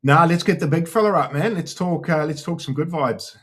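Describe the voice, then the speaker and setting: A man from South Africa with a South African accent, co-hosting a casual livestream in a relaxed way and laughing easily. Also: fairly high pitch, a little fast, breathy edge. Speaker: co-host.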